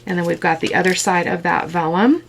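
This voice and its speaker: A woman talks through her handmade miniature journal in a relaxed, chatty way, thinking aloud and delighting in small details. Her voice sits a little low with a gravelly edge of vocal fry. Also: a little fast, slight background noise. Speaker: craft video host. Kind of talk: casual crafting walkthrough.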